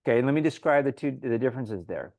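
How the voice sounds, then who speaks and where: A man's voice: medium pitch, expressive, fast, a little mellow, no echo. A man leading a Bible study in an easy, talky style. He slips into the voices of the people he quotes. The recording is dry and close, with little room sound. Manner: informal, acts out crowd voices in quotes. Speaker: Bible teacher. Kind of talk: conversational Bible study teaching.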